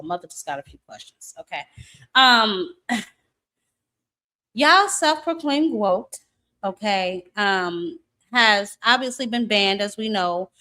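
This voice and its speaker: A woman's voice: mid-range voice, fairly bright tone. A woman hosting a boxing live stream in casual chat, sassy and playful, greeting viewers as baby and y'all. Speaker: boxing show host.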